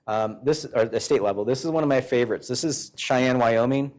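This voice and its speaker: A man's voice: medium pitch, brisk, a little mellow. Guy presenting to a county board, folksy and chatty, walking folks through the numbers. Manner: folksy storyteller acting out quoted exchanges. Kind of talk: public presentation to a local government board.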